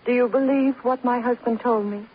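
An actress playing a grieving wife who speaks in a quiet, measured, icy way in an old radio drama. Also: female voice, a little high, fairly even intonation, breathy edge. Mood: cold. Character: grieving wife of an accused man, coldly vengeful. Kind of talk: 1940s radio acting. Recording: muffled old radio broadcast.

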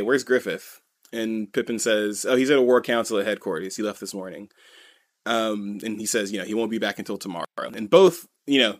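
A man's voice: fairly low pitch, fairly bright tone, dry recording. A man co-hosting a podcast, chatting casually as he retells a chapter in a rambling way, full of "you know" and "kinda.". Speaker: podcast co-host. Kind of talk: casual chat recapping a manga chapter.

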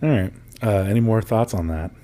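A man's voice: lowish voice, brisk, warm tone. A man co-hosting a podcast in casual chat, laughing often and acting out voices as he tells stories. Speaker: podcast co-host.

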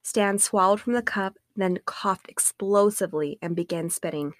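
A woman co-hosting a podcast, calmly reading a true-crime book excerpt aloud on a close studio mic. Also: mid-range voice, normal speed, no echo. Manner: calm, even narration. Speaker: podcast co-host.

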